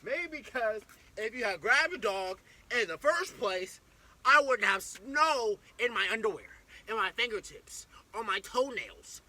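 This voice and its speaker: A young man telling a storytime vlog in an excitable, slangy way, acting out the scene as he goes. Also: sits high, unhurried. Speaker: vlogger. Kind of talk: animated storytime.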